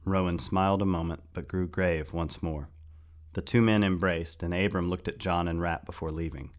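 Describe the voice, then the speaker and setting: A man narrating a fantasy story in a steady, measured audiobook style. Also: sits low.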